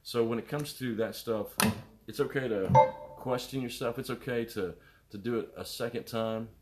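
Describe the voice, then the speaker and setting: A man's voice: mid-range voice, normal speed, very noisy. A middle-aged man, a musician, rambling casually to viewers on his live stream, greeting them by name and jumping between topics. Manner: animated, jumps between topics.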